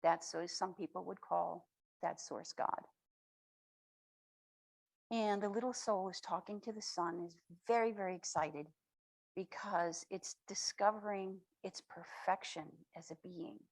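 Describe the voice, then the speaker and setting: A woman speaker giving a spiritual talk at a spiritual center, retelling a story in a slow, reflective, affirming way. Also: on the low side, creaky, low-quality recording. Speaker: guest speaker.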